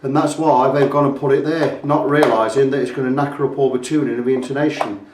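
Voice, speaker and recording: A man's voice: mid-range voice, fairly even intonation, quick pace, darkish tone, slight background noise. A British man talking casually through a guitar repair, rambling and pointing out faults as he goes. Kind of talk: casual workshop walkthrough. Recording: echoey room, mic at a distance.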